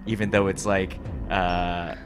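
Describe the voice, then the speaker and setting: A man's voice: low-pitched, level tone, a little slow, music in the background. A man co-hosting a let's play, making dry remarks and searching for words in casual commentary.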